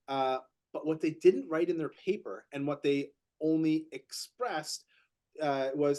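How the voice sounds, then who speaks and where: A man with a fairly high voice tells a story on a podcast in casual chat. He gets animated, repeats words as he gathers speed, and acts out the quotes of the other people in the story. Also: moderate pace. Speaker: podcast co-host, real estate agent.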